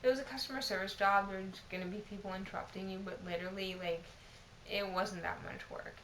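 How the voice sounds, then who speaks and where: A woman's voice: medium pitch, steady tone, brisk, a bit bright, echoey room, slight background noise, poor audio. A tipsy woman in her twenties telling a casual, profane, exasperated storytime to her camera. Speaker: vlogger.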